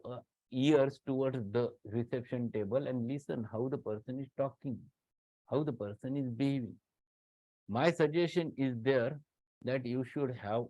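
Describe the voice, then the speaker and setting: A homoeopathy professor with an Indian English accent delivers an online lecture in a mid-range voice, stressing points emphatically and repeating words. The recording is dull, lo-fi and dry, with no room sound.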